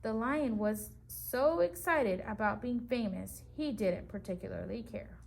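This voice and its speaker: A woman's voice: mid-range voice, vocal fry, a little hiss or hum. A woman reading a picture book aloud to preschool children as their teacher, stopping to ask them questions about the story.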